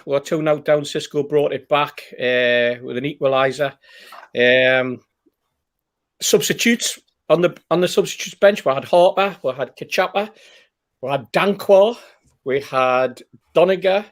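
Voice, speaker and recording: On his podcast, a man with a fairly high voice and measured pace spins a rambling, anecdotal story in casual chat. He uses fillers and repeats himself.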